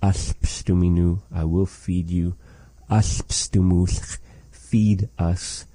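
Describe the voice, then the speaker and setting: A man teaching a language lesson, saying phrases slowly and carefully and repeating them for learners. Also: deep voice, flat delivery, mellow, no room sound.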